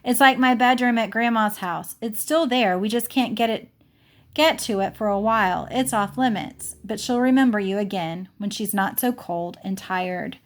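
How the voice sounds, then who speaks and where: Lady reading as a calm protective kid, soothing, plain storybook voice. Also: medium pitch, moderate pace, natural voice. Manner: steady and soothing. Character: calm, protective young boy, older brother type.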